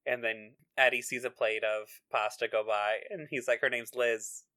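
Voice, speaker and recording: A woman's voice: rumbling low, steady tone, moderate pace, pushed and bright. Woman, podcast co-host, casual chat, giggly, laughs a lot. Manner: giggly, laughs often while retelling scenes. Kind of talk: casual chat recapping a TV episode.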